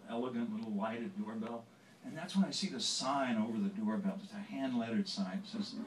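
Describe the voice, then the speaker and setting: A man's voice: medium pitch, slight background noise. Rambling older man telling a stage story. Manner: halting, rambling, self-deprecating, with many restarts. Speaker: songwriter performing on stage. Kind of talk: onstage anecdotal storytelling. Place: stage before an audience. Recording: roomy, distant live stage mic.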